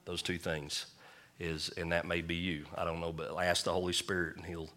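A male preacher with a low-pitched but bright, forceful voice. He delivers his sermon in a folksy, joking storytelling way, mixing scripture with personal anecdotes. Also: little pitch movement, normal speed. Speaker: pastor.

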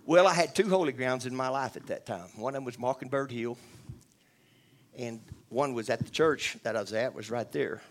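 A church member gives a spoken testimony in an earnest, conversational, rambling manner, often restarting and making asides to the room. His voice is mid-range and his pace moderate.

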